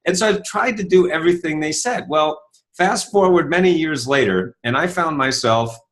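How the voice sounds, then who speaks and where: A man in his fifties, an author talking as an interview guest, telling stories and acting out quoted lines with lively rises in his voice. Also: normal speed. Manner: animated, acts out quoted dialogue with rising pitch. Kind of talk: storytelling interview talk.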